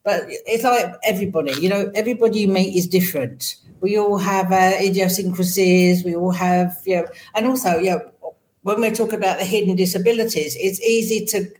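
A woman's voice: medium pitch, fairly quick, darkish tone. English woman on a roomy call. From England. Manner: thoughtful, many restarts and fillers. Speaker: podcast guest. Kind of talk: interview answers.

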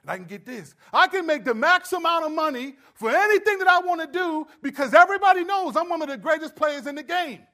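A man putting on a boastful TV sports pundit, arguing emphatically and getting louder. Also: very high-pitched, animated, quick pace, few pauses, voice pushed up, full character voice. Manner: emphatic, rising to near shouting.

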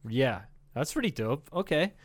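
A man's voice: medium pitch, sing-song, moderate pace, dry recording. A young man from northern Iowa co-hosting a comedy podcast, swearing a lot, laughing often and acting out quotes as he tells stories. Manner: profane, laughing, storytelling with acted-out quotes. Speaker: podcast co-host. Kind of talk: casual comedy podcast chat.

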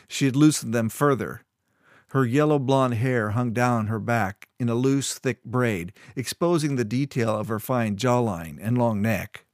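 A man reading a story aloud in steady, measured scripted narration. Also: mid-range voice, dry recording, studio quality. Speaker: audiobook narrator.

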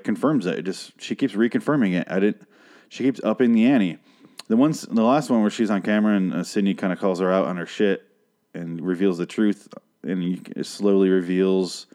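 A man's voice: lowish voice, warm tone. A man casually recapping a TV show on his podcast, profane and rambling, with a dry voice. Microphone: podcast microphone.

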